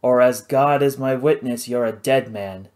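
A reader puts on a stocky red-haired bodyguard with a low growl. He sounds gruff and threatening, like a cheap hood. This is audiobook character work. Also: moderate pace, a little mellow, close to an everyday voice. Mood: menacing. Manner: growling, menacing. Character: short, tough red-haired male bodyguard.

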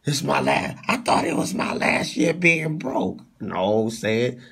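Husky, slow-talking mocking man. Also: on the high side, huge pitch swings, sharp tone. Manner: profane, mocking, drawn-out delivery. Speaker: livestream host. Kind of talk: casual mocking livestream commentary.

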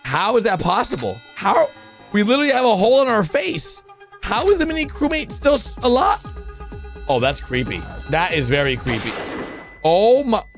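A young man giving excited reaction commentary on a video, exclaiming loudly and calling his viewers "boys" and "bro". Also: sits high, normal speed, soft background music. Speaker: YouTuber reacting to an animation.

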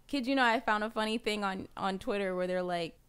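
A woman hosting a podcast in casual chat who laughs often and jumps up in pitch when she quotes people. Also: a little fast, a bit bright, clear, resonant tone. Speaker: podcast host. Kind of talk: casual chat reacting to a movie trailer.

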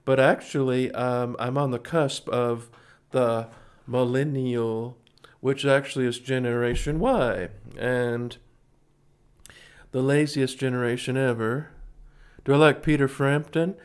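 A man's voice: medium pitch, steady tone, slow pace, clean tone. Folksy rambling man in his forties. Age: 40s. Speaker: singer hosting a music livestream. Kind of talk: casual livestream chat between songs.

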